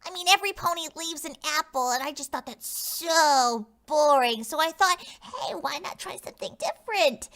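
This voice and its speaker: A woman's voice: high voice, expressive, moderate pace, few pauses, a bit bright. Screwball, a hyper chaos filly, voiced by a woman. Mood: nervous babbling. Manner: boastful and hyper, swinging to sulky and small. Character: mischievous young filly, chaos princess, half-draconequus. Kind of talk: fan-made animated film dub.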